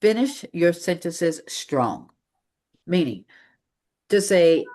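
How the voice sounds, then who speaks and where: Presenter type: energetic speaking coach, mid-pitched, emphatic, working a live meeting room. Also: slow pace. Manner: energetic, emphatic, varies pace for demonstration.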